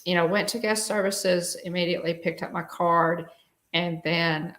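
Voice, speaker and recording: Casting: middle-aged woman, low gravelly voice, rambling co-host chat. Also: fairly even intonation, normal speed, fairly bright tone. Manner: chatty, rambling, many fillers and restarts. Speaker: show co-host. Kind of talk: casual live-stream chat.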